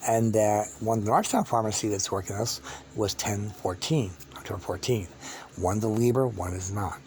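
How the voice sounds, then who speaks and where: A man telling a long personal story as a vlogger, halting and repetitive, with many restarts and fillers. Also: lowish voice, steady tone, a little mellow, slight background noise.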